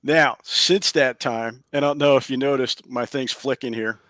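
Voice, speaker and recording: A man who investigates the paranormal shares a story on a video call from his home office, lively and relaxed and laughing as he goes. He speaks at a moderate pace in a mid-range voice, with no echo in the sound.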